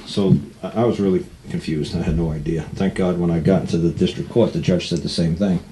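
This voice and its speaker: Deep-voiced man telling rambling stories. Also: steady tone, fairly quick, warm tone, slight background noise. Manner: rambling, acts out other people's lines, laughs often. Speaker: radio show host. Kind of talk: casual storytelling.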